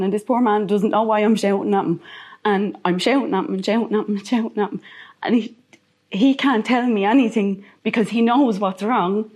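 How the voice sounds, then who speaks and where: A woman's voice: medium pitch, fairly even intonation, fairly quick, darkish tone. A woman with an Irish accent, a guest telling a personal story in an interview, repeating phrases for emphasis.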